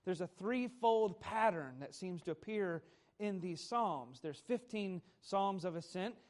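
A man preaching a Sunday morning sermon, teaching at a measured pace, stressing key words and putting questions to the congregation. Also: high voice. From America. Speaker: pastor.

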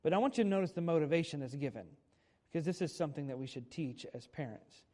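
A man in his thirties preaching a sermon in a conversational way, with dramatic pauses and frequent self-corrections. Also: a little high, animated, a little mellow. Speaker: pastor.

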